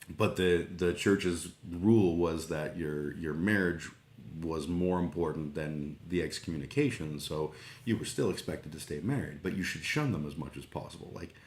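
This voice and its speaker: A middle-aged man from Canada hosting a casual livestream, rambling and sweary, with lots of fillers. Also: rumbling low. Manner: meandering, sweary, self-deprecating, many fillers. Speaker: livestream host. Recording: roomy echo.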